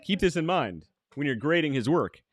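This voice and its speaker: A man's voice: on the high side, big pitch swings, moderate pace. A man hosting a podcast in casual, joking chat, leading a brainstorm. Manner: jokey, leads the exercise. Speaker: podcast host.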